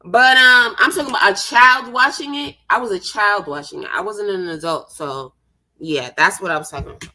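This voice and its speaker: A woman's voice: medium pitch, a little fast, bright, forceful tone, poor audio. A woman in her thirties in casual chat, sassy and teasing, calling people sweetie and baby. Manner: sassy, teasing, puts on voices. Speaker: chat partner.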